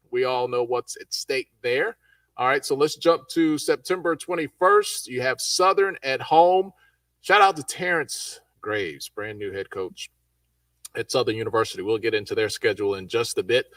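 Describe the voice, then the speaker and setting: A man hosting a live college football talk show, lively and folksy as he runs through the schedule. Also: on the high side, moderate pace, dry recording, recorded from a distance. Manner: lively, folksy, hypes teams. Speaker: show host.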